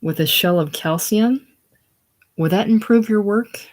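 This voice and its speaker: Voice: medium pitch, measured pace, pitched above the performer's own voice, close to an everyday voice. A reader voicing a sickly, lonely older man with a grandiose, self-pitying manner in a casual play reading. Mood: brooding. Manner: theatrical, brooding, self-pitying.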